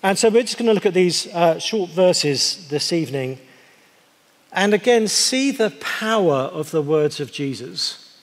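A man preaching a sermon in a conversational, wry way, slowing down to stress key words. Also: high-pitched, animated. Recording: long hall reverb.

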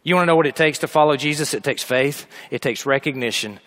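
Male preacher, fairly high voice, animated storytelling sermon, humor then earnest call. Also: fast talker.

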